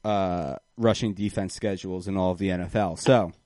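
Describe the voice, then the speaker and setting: A man's voice: low-pitched, steady tone, moderate pace, a little mellow, dry recording, studio quality. A man in casual podcast chat, talking things through with an analytical, easygoing manner.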